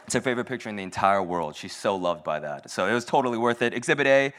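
A man's voice: fairly low pitch, animated, fast talker, fairly bright tone, slight background noise. A young man giving a casual, humorous sermon at a church service, self-deprecating and chatty, with lots of "like"s. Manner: self-deprecating, joking, conversational with many "like"s.

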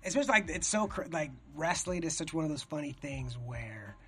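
Young male host, rambling and excitable, high and husky, swears freely. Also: fairly quick. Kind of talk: casual chat.

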